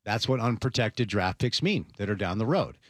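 A man's voice: lowish voice, lively intonation, normal speed, breathy edge, dry recording, clean studio sound. A man hosting a sports talk show, giving confident, opinionated commentary. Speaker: sports podcast host.

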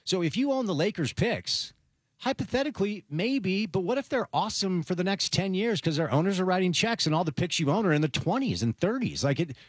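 A man's voice: high voice, animated, a little fast, husky, dry recording, studio quality. A man hosting a sports talk show, giving confident, opinionated commentary. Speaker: sports podcast host.

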